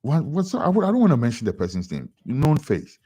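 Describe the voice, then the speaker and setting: A young Ghanaian man with a Ghanaian accent giving an animated editorial commentary on radio, often repeating words for emphasis. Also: mid-range voice, fairly quick, husky.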